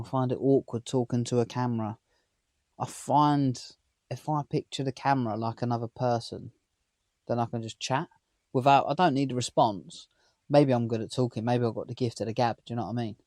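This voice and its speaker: A man's voice: medium pitch, a little mellow, no room sound. A man in his thirties with an accent from just outside London, chatting to camera inside his camper van, rambling and asking viewers questions. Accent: southern English, London area. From England. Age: 30s. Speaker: vlogger. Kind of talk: casual chat to camera.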